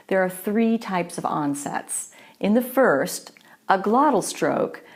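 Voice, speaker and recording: A woman teaching a voice lesson, explaining clearly and patiently. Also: medium pitch, a little mellow. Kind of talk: instructional voice lesson.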